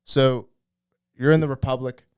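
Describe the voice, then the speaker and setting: A man co-hosting a podcast, talking loosely and rambling with plenty of fillers and casual swearing. His voice sits in an ordinary middle pitch. The sound is dry and close, with no room around it. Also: fairly even intonation, moderate pace, clean tone, no room sound. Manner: rambling, laughs often, swears. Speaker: podcast co-host. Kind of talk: casual chat.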